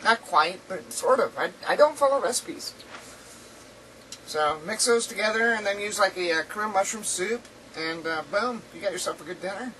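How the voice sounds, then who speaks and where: A woman's voice: mid-range voice, animated, moderate pace, a bit bright, recorded from a distance, a little hiss or hum, rough recording. A woman chatting casually in a rambling video diary from home, laughing often, her throat dry and sore. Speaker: vlogger. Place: indoors at home.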